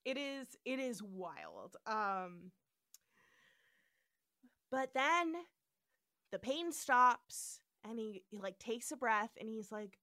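A woman co-hosting a podcast, casually recapping an episode in an animated way, acting out quoted lines and swearing now and then. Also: a little high, slow pace, pauses often, dry recording, clean studio sound. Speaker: podcast co-host.

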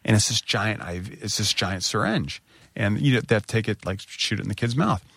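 A middle-aged man casually telling a self-mocking story, acting out other people's lines with big jumps in pitch. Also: lively intonation, brisk, gravelly, fairly bright tone, husky, no room sound, studio quality.

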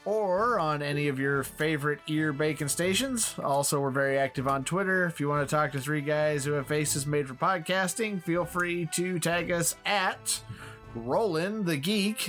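A man's voice: fairly high pitch, fairly bright tone. A man co-hosting a podcast in casual chat, giggling often. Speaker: podcast co-host.

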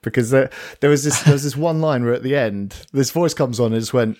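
A man's voice: mid-range voice, fairly quick, no echo, studio quality. A man, a voice actor guest, telling stories in casual chat with self-deprecating humour and frequent restarts. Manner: animated storytelling, self-deprecating, stumbling restarts.

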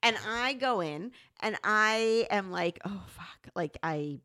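A woman's voice: medium pitch, slow, no echo. A woman co-hosting a candid couple's podcast, talking animatedly and swearing freely as she acts out her partner's lines. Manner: animated, profane, acts out quotes. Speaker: podcast co-host.

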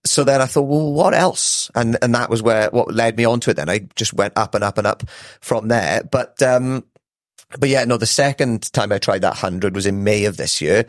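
A man's voice: on the low side, moderate pace, dry recording. A man chatting casually as a podcast guest in a studio, rambling, swearing freely and laughing often. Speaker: podcast guest, ultra runner. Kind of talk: casual chat.

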